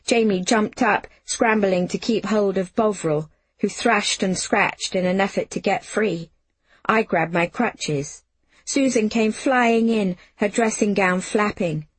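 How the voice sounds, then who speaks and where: A woman narrating a novel in the first person, in an unhurried, measured audiobook reading. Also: mid-range voice, breathy edge, dry recording.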